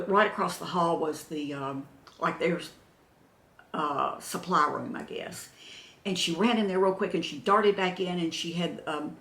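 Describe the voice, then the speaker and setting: A woman's voice: fairly low pitch, fairly bright tone, reverberant. An older woman, telling a personal story to camera in an emotional way, acting out what other people said.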